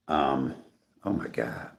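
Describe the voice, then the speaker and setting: Speaking in a rumbling low voice with vocal fry, this middle-aged livestream host chats casually from his home. He greets his viewers by name and coughs frequently, captured by a phone on a tripod in the room.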